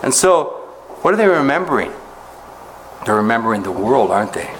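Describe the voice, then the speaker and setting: A man pastor preaching an expository sermon, talking conversationally with the congregation, often asking rhetorical questions and rising in pitch to stress a point. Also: a little fast, a little hiss or hum, low-quality recording. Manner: animated rises in pitch when making a point.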